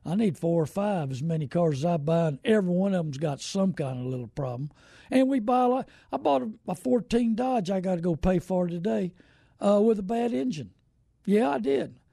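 A man's voice: sits high, animated, fairly quick, vocal fry, mellow, dry recording, studio quality. A middle-aged man, hosting a car-buying show in a casual, rambling, folksy way and greeting viewers by name. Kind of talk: casual live-stream talk.

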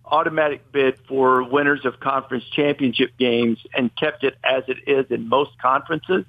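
A man's voice: medium pitch, steady tone, normal speed, creaky, dry recording. A man debating college football as a podcast guest, rambling and correcting himself as he argues his point. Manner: rambling, self-correcting, opinionated. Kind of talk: casual sports debate. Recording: tinny phone-like line.

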